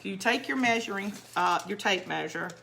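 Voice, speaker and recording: A woman's voice: medium pitch, moderate pace, creaky, pushed and bright, a little hiss or hum. A woman hosting a live-streamed craft tutorial, chatty and rambling as she greets viewers. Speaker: craft channel host.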